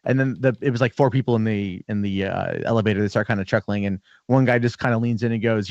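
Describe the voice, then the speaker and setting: A man's voice: on the low side, fairly even intonation, fast, hardly any pauses, a little mellow, no echo, dull audio. A man, a guest on a podcast, chatting casually and telling rambling, profane anecdotes.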